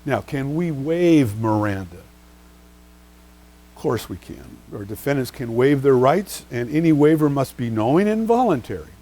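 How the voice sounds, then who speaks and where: A man's voice: mid-range voice, lively intonation, moderate pace, mellow, rough recording. A man teaching a recorded bar exam review lecture, asking rhetorical questions and answering them himself while stressing key terms. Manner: stresses key terms and spells out case names.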